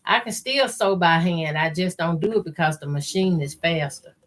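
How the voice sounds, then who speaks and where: A woman's voice: fairly low pitch, normal speed. A middle-aged woman with a Southern country accent, chatting folksily on a live sewing stream and greeting viewers by name. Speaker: sewing channel host. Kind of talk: casual live-stream chat while sewing.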